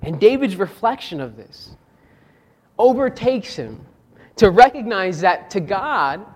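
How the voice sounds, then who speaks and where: A preacher giving a sermon and reading scripture aloud, shifting between quiet, low reflective lines and raised, emphatic ones, often asking rhetorical questions. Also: very animated, takes it slowly.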